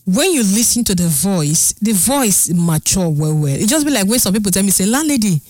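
A woman's voice: mid-range voice, sing-song, brisk, darkish tone, dry recording. An older woman with a Nigerian accent talks in a casual, chatty storytelling way, mixing in Pidgin and laughing often. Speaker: vlogger.

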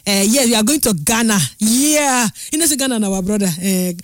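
A woman radio host with a Nigerian Pidgin accent, chatting on air in a lively, sing-song way that stretches her words. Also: on the high side, a little fast, no echo. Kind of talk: Pidgin radio show chat. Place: radio studio.

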